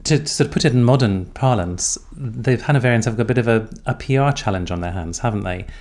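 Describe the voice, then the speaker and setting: A man interviewing a guest for a podcast, asking his questions in a measured, conversational way. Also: medium pitch, darkish tone.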